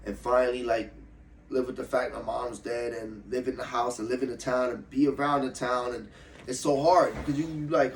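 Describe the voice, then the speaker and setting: A young man from Ohio, an MMA fighter, telling his story in a loose, profane, animated way during a casual interview. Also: mid-range voice, moderate pace, roomy sound. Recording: slightly distant mic with faint room noise.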